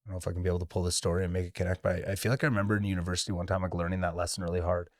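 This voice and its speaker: A man's voice: low voice, level tone, no room sound, clean studio sound. A young man from Canada, a comedian, telling candid, profane stories in a casual podcast conversation. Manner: candid, profane, rapid storytelling.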